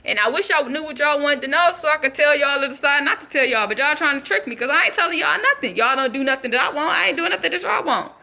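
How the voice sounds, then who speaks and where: Brief: high, bright woman doing a defiant foster girl, profane rambling rant. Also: lively intonation, fast, gravelly, hardly any pauses, exaggerated voice. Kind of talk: character monologue.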